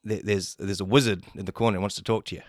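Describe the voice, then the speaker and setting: A man's voice: lowish voice, fairly even intonation, rapid-fire, no room sound, clean studio sound, pitched below the performer's own voice, natural voice. A man doing an offhand tavern barkeep.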